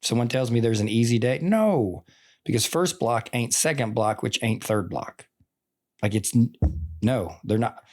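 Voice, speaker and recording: An experienced teacher in his forties chats casually as a podcast guest, earnest and meandering, with many "like"s and "I mean"s. He speaks unhurriedly in a mid-range, darkish voice.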